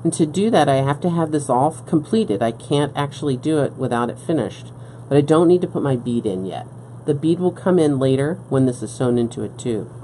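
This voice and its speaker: Lady with a really deep mellow voice walking through beadwork step by step, keeps asking okay?, faint hiss behind. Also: animated, fairly quick, few pauses. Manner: patient, step-by-step explaining, often checking in with "okay?". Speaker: beading instructor. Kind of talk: live-stream craft demonstration. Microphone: live-stream setup at a work table.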